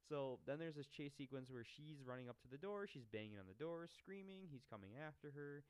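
A young man talks through a horror film scene by scene, swearing casually as he goes. His voice is smooth and clear, and it sits at a middle pitch. The sound is dry and close, with no room echo. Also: brisk. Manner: profane, animated retelling with shouted mock quotes. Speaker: podcast co-host. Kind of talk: casual movie recap chat.

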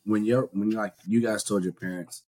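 A man co-hosting a podcast with a husky voice that sits a bit low. He asks the others questions in a chatty, casual way. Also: steady tone, normal speed, warm tone, no echo. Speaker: podcast co-host. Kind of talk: casual chat.

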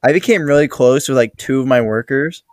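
Relaxed young man telling a story. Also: medium pitch, fairly quick, dry recording, clean studio sound. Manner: loose, rambling, swears casually. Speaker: podcast co-host. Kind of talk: casual chat, storytelling.

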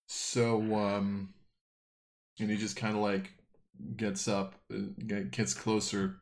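A man's voice: on the low side, little pitch movement, slow. A man narrating a tabletop game as game master, casual and full of fillers.

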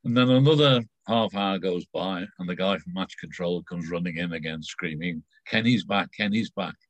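A middle-aged man telling stories casually, rambling and halting with many fillers and restarts. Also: sits low, no room sound, poor audio. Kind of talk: casual storytelling.

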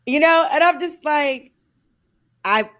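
Expressive middle-aged woman, lively pitch. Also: slow. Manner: expressive, acts out quotes. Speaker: podcast co-host. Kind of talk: casual chat.

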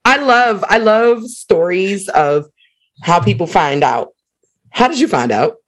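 Woman, interviewer, slow pace, lively swooping pitch, casual chat.

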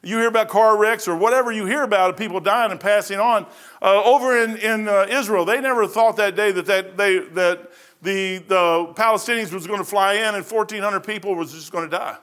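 Bright-voiced, high-pitched preacher. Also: male voice, brisk. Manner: folksy storytelling, swings between loud bursts and quiet asides. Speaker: pastor. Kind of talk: sermon with personal stories.

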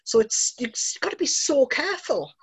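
A woman's voice: high-pitched, very animated, moderate pace, slightly rough. A woman hosting a casual chat, enthusiastic and encouraging toward her guest. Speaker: podcast host.

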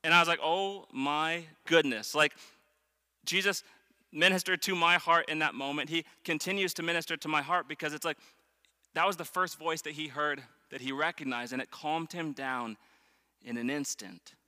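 A man's voice: fairly high pitch, steady tone, normal speed, sharp tone. A young man preaching a sermon as a pastor, earnest and emphatic, often restarting phrases as he tells stories. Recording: long reverb of a large hall.

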